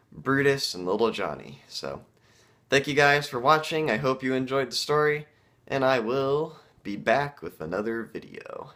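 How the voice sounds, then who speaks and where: A man vlogger telling a casual story to camera, halting and full of fillers. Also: medium pitch, a bit bright.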